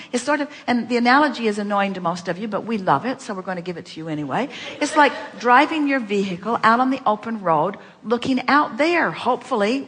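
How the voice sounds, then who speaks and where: Woman, workshop speaker, breathy husky tone, rhetorical questions, says "we", long hall reverb. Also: fairly high pitch, fairly bright tone. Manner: speaks of herself as "we", full of rhetorical questions and repetitions. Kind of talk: inspirational teaching with audience questions.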